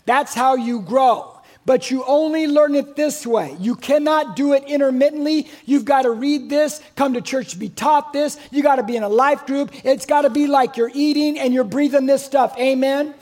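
A man with a strikingly high voice preaches to his church congregation. He keeps it conversational and playful, tossing questions out to the room and waiting for answers. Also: normal speed, hardly any pauses, darkish tone. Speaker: pastor. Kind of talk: sermon.

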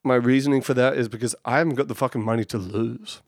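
A man co-hosting a podcast, talking loosely and swearing freely as he jokes with his friend. His voice is mid-pitched and recorded close and dry, with no room sound. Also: fairly even intonation, fast, dry recording. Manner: swears a lot, loose and joking. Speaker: podcast co-host. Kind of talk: casual chat.

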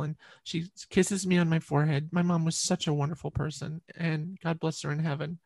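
A woman's voice: low-pitched, flat delivery, a little fast, creaky, few pauses, darkish tone, no room sound, clean studio sound. A woman interview guest earnestly telling a personal story, often repeating words as she recalls.

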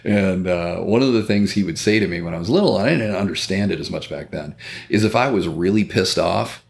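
Low gravelly earnest man. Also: fairly quick. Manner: earnest and reflective, swears casually. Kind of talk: casual podcast conversation.

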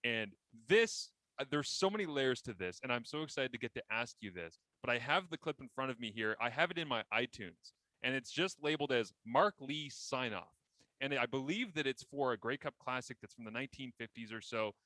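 Bright-voiced man hosting a podcast. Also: medium pitch, fairly quick, no echo, rough recording. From Ontario, Canada. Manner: enthusiastic, animated storytelling. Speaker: podcast host. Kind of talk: casual interview chat.

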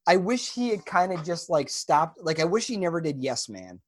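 A man co-hosting a podcast in casual chat, animated and swearing freely. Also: a little high, moderate pace. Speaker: podcast co-host.

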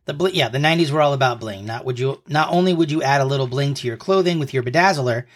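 A man's voice: medium pitch, fast. Playful man hosting a podcast quiz. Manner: playful, explains slang like a mock lesson. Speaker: podcast co-host quizzing his partner. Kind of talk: casual podcast banter. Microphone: podcast mic up close.

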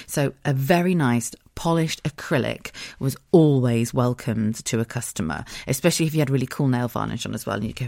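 A woman's voice: rumbling low, fairly quick, creaky, a little mellow, no room sound, studio quality. A woman hosting a podcast in casual solo chat, candid and laughing often, swearing freely. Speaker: podcast host.

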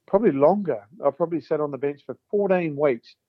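A man's voice: on the high side, quick pace, no room sound, phone-quality sound. A man, a former footballer telling long stories in an interview, repeating himself and acting out old conversations. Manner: chatty, repeats words, acts out quotes. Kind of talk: storytelling interview.

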